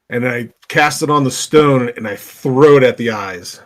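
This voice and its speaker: A man's voice: mid-range voice, fairly even intonation, a little slow, few pauses, fairly bright tone. A man playing in a tabletop role-playing game, stammering a little and laughing at himself. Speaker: player.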